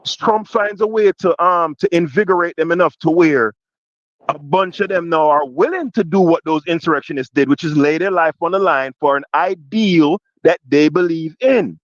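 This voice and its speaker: A man with a Jamaican accent, talking politics on a podcast with a slightly high voice. He asks long rambling questions, restarts his sentences and keeps checking in with "right?". The dry, dull, lo-fi sound carries him as he builds up heat. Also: normal speed, dry recording. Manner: grows louder and more forceful when passionate. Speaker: podcast co-host. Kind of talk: heated political discussion.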